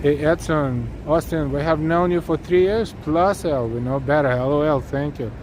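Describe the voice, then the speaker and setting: A man's voice: a little high, moderate pace. Chatty man walking a city street. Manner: chatty, earnest, talks straight to viewers. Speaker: live-stream walking tour host. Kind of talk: casual live-stream chat while walking, reading chat aloud. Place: outdoors on a city street at evening. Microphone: handheld camera rig while walking. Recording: outdoor street recording with faint traffic noise. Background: faint city street noise and traffic.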